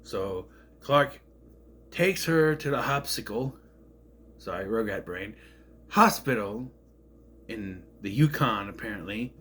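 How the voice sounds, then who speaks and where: A man's voice: fairly low pitch, expressive, slow, long pauses, fairly bright tone. A man casually recapping an episode, rambling and sarcastic, getting indignant over plot holes. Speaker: show reviewer.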